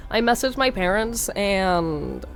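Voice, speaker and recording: A young woman from Norway with a slight Norwegian accent, speaking hoarsely while sick, chatting casually on a live stream and thanking viewers by name. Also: medium pitch, expressive, takes it slowly, soft background music. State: hoarse, sick with a sore throat.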